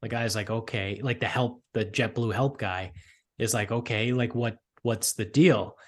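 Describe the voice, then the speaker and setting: A man's voice: lowish voice, normal speed. A man casually telling a rambling, profane story about an airport mix-up, full of asides and filler words. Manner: profane, rambling, animated retelling. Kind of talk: casual chat.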